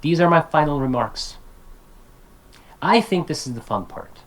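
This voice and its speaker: A man's voice: on the high side, animated, unhurried, a bit bright, low-quality recording. A man giving an online talk to language teachers. He is casual and direct, repeats his points, and says example words aloud as drills. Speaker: lecturer.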